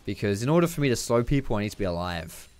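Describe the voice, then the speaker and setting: Lowish sweary gamer. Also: male voice, big pitch swings, very fast, darkish tone, no room sound. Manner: chatty, sweary, teasing asides. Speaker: gameplay commentator. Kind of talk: casual gameplay commentary.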